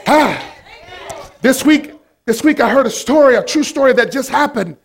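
High-pitched guy preaching hard, repeats himself, loud then quiet. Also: lively intonation, moderate pace, vocal fry, breathy edge, some chatter behind. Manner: passionate, repetitive, alternately shouting and hushed. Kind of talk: sermon.

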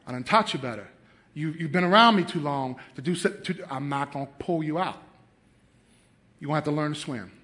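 A middle-aged male pastor preaching with great animation. His voice sits high and swings widely in pitch, with a bright, forceful edge. He acts out little scenes in different voices and laughs often. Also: lively intonation, moderate pace. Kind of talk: sermon.

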